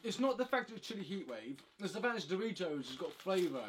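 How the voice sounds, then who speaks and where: A man's voice: sits high, sing-song, a little fast, a little hiss or hum. A young man, rambling and cracking crude jokes in a casual chat with friends.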